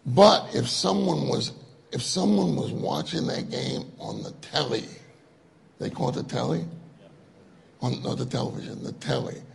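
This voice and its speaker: A man's voice: medium pitch, animated, unhurried, gravelly. A man giving a conversational sermon, joking and laughing with the audience as he asks them questions. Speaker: conference speaker.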